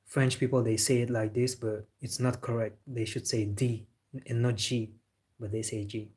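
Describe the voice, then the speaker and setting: A man's voice: mid-range voice, little pitch movement, moderate pace, darkish tone, husky. A man hosting a live football reaction stream, chatting casually and answering viewers with strong opinions. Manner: opinionated, replying to chat.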